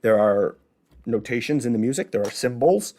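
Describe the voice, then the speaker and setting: A Chicago accent marks this Illinois man, whose medium-pitched, dark-toned voice moves at a normal speed with lively intonation. Hosting his own show, he's chatty and casual, walking through a laid-back educational monologue from the Midwest. Rhetorical questions he answers himself carry his explanations.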